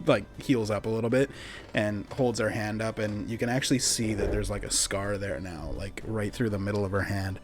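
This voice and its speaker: A man's voice: lowish voice, fairly even intonation, normal speed, faint music behind. A man narrating as game master in a laid-back way with many fillers.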